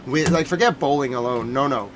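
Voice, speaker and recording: Man, livestream host, casual joking monologue, mid-pitched voice, faint background hiss. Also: a little fast. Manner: joking, animated, laughs at his own ideas. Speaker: host of a nightly news recap stream.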